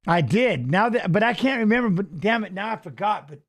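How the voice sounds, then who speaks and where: Man, fairly high voice, casual fight watch-along, rambling, cursing, lots of restarts. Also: animated, a little fast. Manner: rambling, profane, restarts and fillers. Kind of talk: casual live fight commentary and storytelling.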